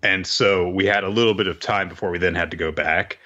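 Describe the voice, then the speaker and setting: A man's voice: low-pitched, fairly even intonation, brisk, bright, forceful tone, highs cut off. A man co-hosting a podcast, telling a story loosely with fillers and laughter. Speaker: podcast co-host. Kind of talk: casual anecdote telling.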